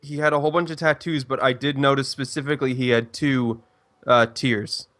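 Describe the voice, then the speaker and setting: A man's voice: medium pitch, steady tone, fairly quick, a bit bright, no echo, faint music behind. A young man, telling a story in casual chat with restarts and rambling. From Canada. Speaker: stream co-host.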